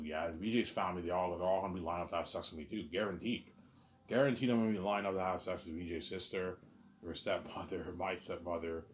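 A man talking alone in an intense, repetitive, rambling monologue, often trailing off quietly and swearing. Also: low-pitched, a little hiss or hum. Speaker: vlogger.

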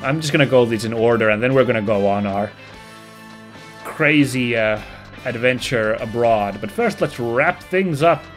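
A young man casually commentating a game as he plays, rambling and correcting himself as he goes. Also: mid-range voice. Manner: rambling, self-correcting, chatty. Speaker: let's play host.

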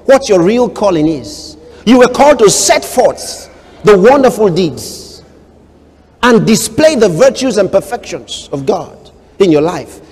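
High-voiced man preaching in a hall. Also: sing-song, measured pace, slightly rough. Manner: preaching with dramatic swings between soft and loud, acting out quoted voices. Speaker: pastor. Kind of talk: sermon.

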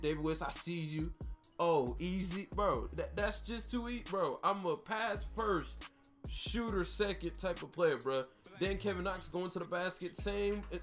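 High-voiced hyped-up gamer guy. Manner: excitable hype slang, trash talk. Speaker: gaming YouTuber. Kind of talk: gameplay commentary.

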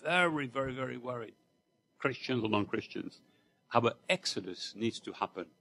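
A man's voice: mid-range voice, lively intonation, normal speed, creaky, bright, forceful tone. A man from Mauritius, preaching a sermon in church in a conversational storytelling way, with asides to the congregation. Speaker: lay preacher.

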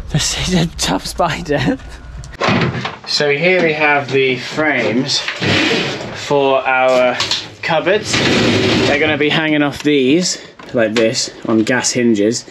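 A man's voice: mid-range voice, slow pace, very noisy. An English man narrating a casual vlog as he works, chatty and full of ums and likes. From England. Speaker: vlogger.

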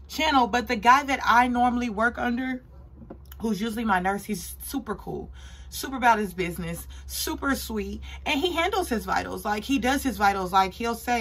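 A young woman tells a workplace story to her channel in a loose, profane, animated way. Her voice is husky at a middle pitch, blunt and quick to curse. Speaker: vlogger telling a work story. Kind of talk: casual storytime.

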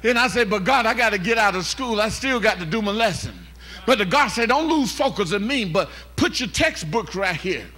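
A male pastor preaching a fervent call-and-response sermon in a church, rising to shouts. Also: sits high, expressive, a little fast. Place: church sanctuary. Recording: live church service with organ music behind.

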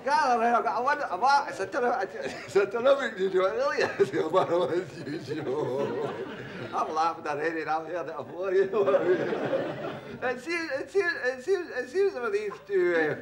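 A man's voice: sits high, expressive, moderate pace, a crowd in the background. An actor with a Scottish accent playing a rambling, flustered middle-aged pub bore who laughs at his own joke in a TV sketch comedy. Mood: eager. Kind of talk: 1980s TV sketch comedy acting.

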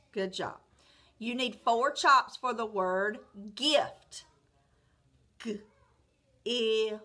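Female teacher, slow and clear, bright higher voice, phonics drills for kids. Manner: clear, encouraging, drawn-out word modeling with praise. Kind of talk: slow, deliberate phonics lesson for young children.

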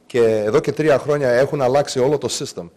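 A man's voice: mid-range voice, very fast, darkish tone. Man giving a business talk. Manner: mixes Greek and English, conversational. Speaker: conference speaker. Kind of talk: business presentation.

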